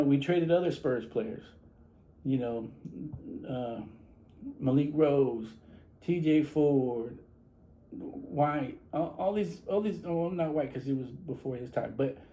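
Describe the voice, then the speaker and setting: Rambling man, mellow voice. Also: a little high, rough recording. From San Antonio, Texas. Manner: rambling, repeats himself, many restarts. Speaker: barber talking basketball. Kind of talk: casual monologue to camera.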